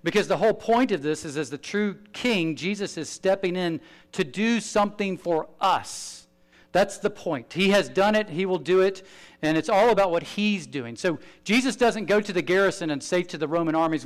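A pastor preaches a sermon in a high voice at a moderate pace. He's animated, swinging between loud emphasis and hushed asides.

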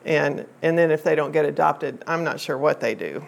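An older woman telling a personal family story to a group in a chatty, unhurried way, with frequent fillers and restarts. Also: deep voice, creaky.

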